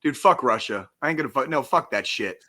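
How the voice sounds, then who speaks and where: A man co-hosting a veterans' podcast, ranting and swearing loudly through casual chat. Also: medium pitch, expressive, brisk. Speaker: podcast co-host.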